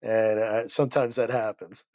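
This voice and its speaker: A man's voice: lowish voice, flat delivery, moderate pace, a little mellow, dry recording. Passionate rambling man, dry sound. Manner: rambling, passionate, self-interrupting. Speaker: guest chiropractor. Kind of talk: casual storytelling interview.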